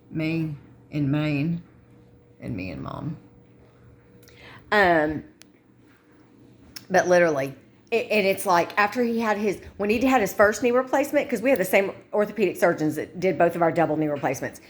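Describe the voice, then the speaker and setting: A middle-aged woman, chatting frankly to her viewers in a casual vlog and venting her frustrations. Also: mid-range voice. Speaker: vlogger. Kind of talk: casual chat to camera.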